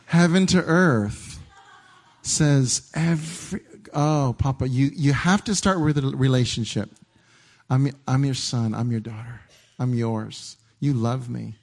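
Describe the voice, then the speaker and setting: A man's voice: medium pitch, slow pace. A man preaching a casual, conversational sermon on a church stage, often repeating himself and acting out his own inner dialogue. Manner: conversational, animated, stumbling restarts and acted-out inner dialogue.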